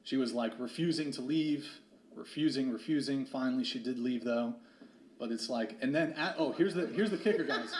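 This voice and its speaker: A man's voice: medium pitch, moderate pace, darkish tone, a little hiss or hum. Hesitant man on a podcast, in a roomy space. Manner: hesitant, with fillers. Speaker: podcast host. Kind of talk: casual podcast talk.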